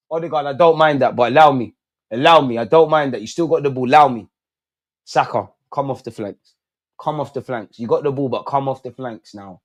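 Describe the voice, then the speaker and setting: A man's voice: mid-range voice, fairly quick. A young man doing a live football watch-along, swearing, pleading with the players and throwing in lots of slang. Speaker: football fan streamer.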